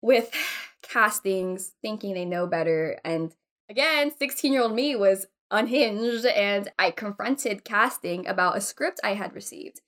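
A woman's voice: medium pitch, a little slow. A young woman from Texas, an actress, chatting casually and telling a story with lots of laughter. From Texas, USA. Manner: animated storytelling, acts out other people in squealing voices, laughs often. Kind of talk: casual podcast chat.

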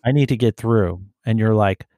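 A man's voice: lowish voice, dark tone, no room sound, dull audio. A man who works as a police officer, telling profane stories in casual chat and mimicking the people he deals with. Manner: profane storytelling, mimics people in quick put-on voices.

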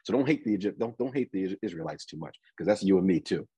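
A man preaching a conversational sermon, often repeating and restarting his words and reading scripture slowly. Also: low voice, lively intonation, warm tone, slightly rough, dry recording, rough recording.

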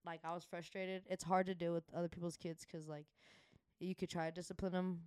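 A woman co-hosting a podcast in casual chat, telling stories in an animated, slangy, profane way. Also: fairly low pitch, fairly quick, clean tone, no room sound. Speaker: podcast co-host.

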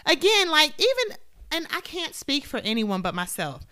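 A woman co-hosting a podcast, talking in a casual, animated and opinionated way. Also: sits high, normal speed, no echo, clean studio sound. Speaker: podcast co-host. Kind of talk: casual chat.

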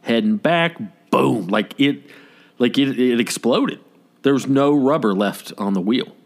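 A man in the middle of his range, easygoing and rambling as he tells a story on a podcast. He drifts into joking asides, and his speech stays loose and unhurried. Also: mid-range voice, animated, vocal fry. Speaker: podcast co-host. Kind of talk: casual chat.

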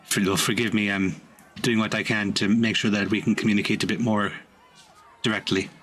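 A man playing a tabletop game, speaking in character in a polite, measured way. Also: on the low side, level tone, fairly bright tone, breathy edge. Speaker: player.

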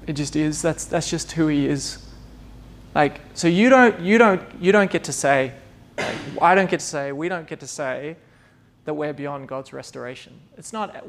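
A male preacher, speaking in a loose, chatty sermon style. His voice sits a little high for a man and has a gravelly, creaky edge. He breaks into laughs and acts out small dialogues as he talks. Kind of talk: informal conversational sermon.

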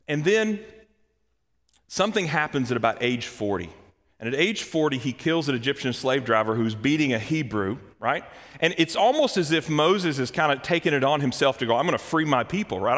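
Male pastor, slightly higher voice, conversational sermon with big dynamic swings, long church-hall reverb. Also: a bit bright. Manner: conversational, dramatic swings in pitch and volume.

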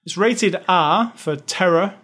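A man's voice: high voice, slow, a bit bright, slightly rough. A man hosting a movie review podcast, chatting casually and laughing often. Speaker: podcast host. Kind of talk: casual chat.

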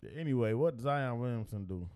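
A man's voice: medium pitch, animated, fairly quick, darkish tone, no room sound. A man co-hosting a casual podcast, talking loosely and teasing, reading posts aloud. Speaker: podcast co-host. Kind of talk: casual chat.

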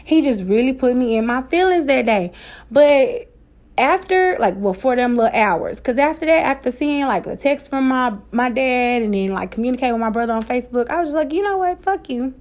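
A woman's voice: on the high side, expressive, moderate pace, darkish tone. A woman in her thirties with an African American Vernacular English accent, hosting her own podcast in a candid, emotional monologue, swearing freely and laughing often. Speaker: podcast host. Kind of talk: casual personal podcast monologue.

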